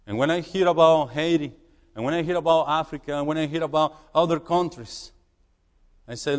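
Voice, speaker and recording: A man who is a missionary preaching in a church, halting and repeating words as he urges the congregation. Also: fairly high pitch, long reverb tail. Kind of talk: sermon.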